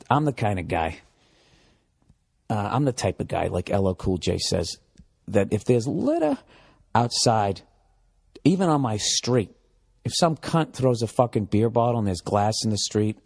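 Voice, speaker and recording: A man hosting a solo comedy podcast, riffing profanely on news stories and breaking into shouted bits. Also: lowish voice. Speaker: podcast host.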